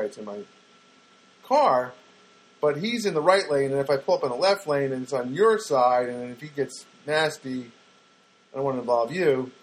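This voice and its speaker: A man rambling through everyday stories in a chatty, excitable monologue, often repeating himself and acting out other people's voices. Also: medium pitch, low-quality recording.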